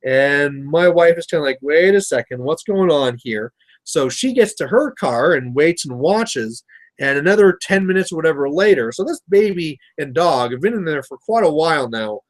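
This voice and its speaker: A man's voice: on the high side, sing-song, moderate pace. A Canadian man hosting a painting livestream, chatting casually and rambling through stories while he paints. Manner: rambling storyteller, chatty with viewers. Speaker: miniature painting livestream host.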